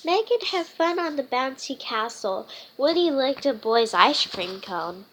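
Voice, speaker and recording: A woman reading a children's picture book aloud as a storytime host, halting often with fillers and restarts. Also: sits high, very animated, fairly bright tone, a little hiss or hum, low-quality recording. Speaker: storytime reader.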